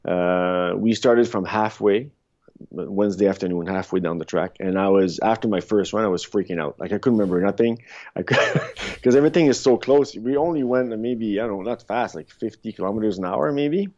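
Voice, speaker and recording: A man in his fifties, a podcast guest, telling rambling, animated stories in a casual interview, with frequent restarts. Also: fairly low pitch, brisk. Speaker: podcast guest, former luge athlete. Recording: dull lo-fi sound.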